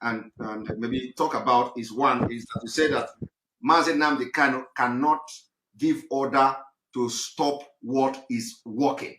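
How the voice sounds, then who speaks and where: A man's voice: mid-range voice, unhurried, a bit bright, a little hiss or hum. A man hosting a talk show, answering a caller hesitantly with many fillers. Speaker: host. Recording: roomy echo.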